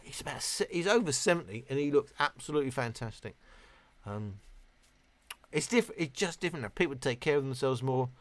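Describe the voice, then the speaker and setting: A man's voice: medium pitch, lively intonation, fairly quick, no echo. A British man in his late fifties, chatting casually on a live stream, reading out viewers' comments in a rambling, sweary way, a little tipsy. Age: 50s. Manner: chatty, rambling, swears freely, reads chat aloud.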